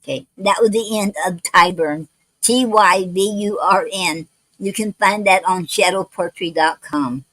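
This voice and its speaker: Halting woman hosting a poetry livestream. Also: mid-range voice, a bit bright, dry recording, rough recording. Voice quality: some words not pronounced clearly. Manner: halting, many restarts and fillers, spells out words letter by letter. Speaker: poetry show host. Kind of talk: casual livestream talk. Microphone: home livestream mic.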